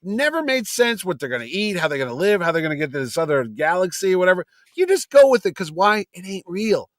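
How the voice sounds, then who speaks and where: A man with a slightly high voice talking in a casual podcast, animated and blunt as he tells his stories. His speech is crude and full of swearing. The sound is dry and close. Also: fast talker, no echo. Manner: animated storytelling, blunt and profane.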